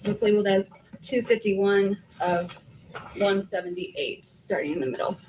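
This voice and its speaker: A female attorney questioning a witness in court in a brisk, formal manner. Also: mid-range voice, music in the background, poor audio. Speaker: prosecuting attorney.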